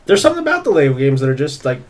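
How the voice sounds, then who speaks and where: A man's voice: a little high, wildly swooping pitch, very fast, darkish tone. A man co-hosting a casual gaming podcast, laid-back, laughing often and swearing casually. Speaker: podcast co-host. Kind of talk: casual chat. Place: home streaming setup.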